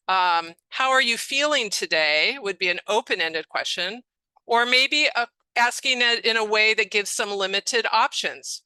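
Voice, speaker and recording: A woman's voice: mid-range voice, sharp tone, no room sound, rough recording. A middle-aged woman, a speech-language pathologist, giving a conversational webinar lecture and acting out example phrases as she explains. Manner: conversational, explanatory, frequent "um" and "you know", acts out example phrases.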